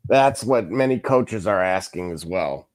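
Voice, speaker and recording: Low-voiced man, hesitant panelist. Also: animated, a little slow. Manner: hesitant, with restarts and fillers while making a point. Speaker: co-host. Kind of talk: casual sports talk.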